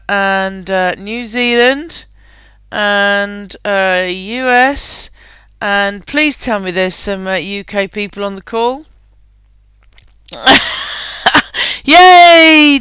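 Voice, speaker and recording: A woman's voice: mid-range voice, takes it slowly, fairly bright tone, smooth, no room sound. A woman hosting a live online webinar. She talks in an upbeat, chatty way, laughs often and uses plenty of fillers. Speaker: webinar host.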